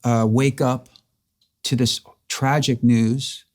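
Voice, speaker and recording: Earnest man hosting a mellow interview. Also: medium pitch, flat delivery, takes it slowly. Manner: earnest, emotional retelling with restarts. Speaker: host. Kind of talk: casual interview storytelling.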